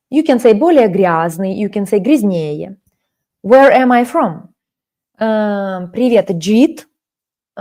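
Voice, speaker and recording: A woman's voice: mid-range voice, mellow. A woman in her forties with a Russian accent, teaching a live-streamed Russian lesson and switching between languages. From Russia (Kaliningrad region). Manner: switches between languages, reads chat aloud.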